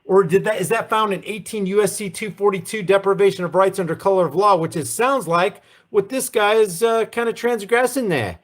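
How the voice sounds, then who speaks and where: A man's voice: high-pitched, brisk, few pauses. A man hosting a political commentary rant, sarcastic and full of rhetorical questions. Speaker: commentary host.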